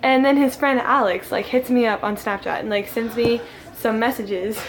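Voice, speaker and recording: A woman's voice: on the high side, fairly even intonation, normal speed, background noise. Giggly teen girl rambling a story. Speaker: vlogger. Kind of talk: casual storytime.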